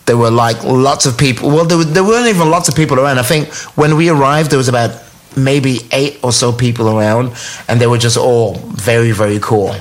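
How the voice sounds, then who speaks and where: A man's voice: mid-range voice, brisk. A man from England telling a long, rambling story in casual chat, swearing often and acting out other people's lines. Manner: rambling, swearing, restarts, quotes people in animated voices. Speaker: touring musician guest.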